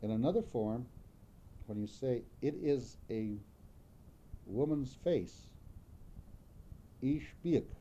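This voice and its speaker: Man, slow and measured, very dark mellow tone, faint rumble behind; careful explainer. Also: animated, lo-fi sound. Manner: measured, careful, repeats example words.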